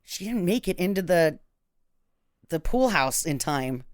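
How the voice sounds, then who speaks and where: A woman's voice: fairly low pitch, big pitch swings, measured pace, no room sound, clean studio sound. A woman in a casual chat, blunt, laughing often and swearing freely.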